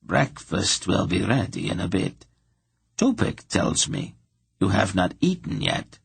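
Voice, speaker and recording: A man voicing a reclusive, bitter witch who speaks in a measured, strangely neutral way. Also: low voice, huge pitch swings, creaky, slightly rough, no echo, exaggerated voice. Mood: calm, wry. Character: reclusive middle-aged witch woman, calm and bitter.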